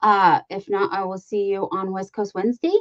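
A woman's voice: medium pitch, level tone, normal speed, no echo, dull audio. A woman hosting a casual craft livestream, chatting to viewers in a rambling way with many ums and restarts, sometimes cooing baby talk to her dogs. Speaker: livestream host.

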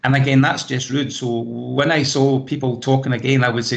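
A Scottish man runs an online training session in a chatty, practical way, sharing anecdotes as he goes. His voice has a slight gravel to it. He is picked up through a laptop mic in a room with a noticeable echo. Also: mid-range voice, flat delivery, a little fast, hardly any pauses. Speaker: presentation skills trainer. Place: home room. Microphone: laptop microphone on a video call.

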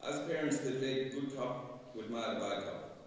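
A man, reading a fond, gently humorous eulogy for his mother at a funeral Mass. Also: medium pitch, a little slow. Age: 50s. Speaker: son giving a eulogy. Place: large church. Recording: echoey church, voice from far off.

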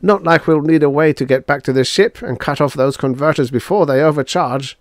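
A man voicing a gruff, excitable male space salvager who complains a lot. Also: a little high, fairly quick, no echo, studio quality, pitched above the performer's own voice, natural voice. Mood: alarmed.

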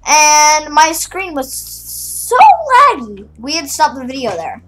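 A woman's voice: high-pitched, lively intonation, slow, fairly bright tone, low-quality recording. A woman chatting casually as a guest while she plays a game, with an offhand, chatty manner. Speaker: guest player. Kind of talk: casual gameplay chat.

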